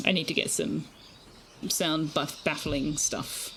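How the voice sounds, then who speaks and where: A woman's voice: sits low, steady tone, slow pace, a bit bright, slight background noise, rough recording. Chatty woman streaming a game. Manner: chatty, talks baby talk to her cat. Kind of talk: casual live-stream chat. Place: home room with birds outside. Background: birdsong from outside.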